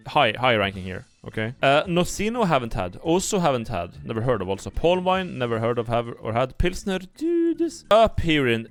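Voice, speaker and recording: A man's voice: mid-range voice, a bit bright. A young man streaming casual commentary, blunt and jokey, swearing freely as he thinks aloud. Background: faint background music.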